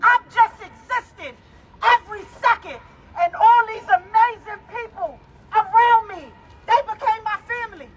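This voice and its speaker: High-voiced woman, impassioned rally speech. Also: measured pace, lo-fi sound. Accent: New York. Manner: emotional, raw, shouting at times, choked up. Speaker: rally speaker, grieving mother. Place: outdoor city rally. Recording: noisy outdoor rally with crowd. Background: crowd and street traffic.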